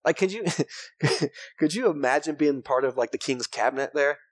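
A man's voice: a little high, moderate pace. A man preaching a sermon in church, reading scripture aloud and breaking off into joking asides. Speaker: pastor.

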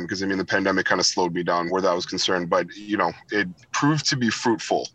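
A man's voice: low-pitched, bright, forceful tone, no room sound, poor audio. A man in real estate talking reflectively on a call, with many "you know" fillers.

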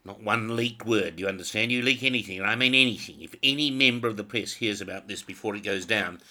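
Bossy swearing police boss, a man reading him, low and sharp, all bluster. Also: normal speed, heavily acted. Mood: threatening. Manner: pompous, barking orders, crude swearing. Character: blustering bossy male police chief, middle-aged.

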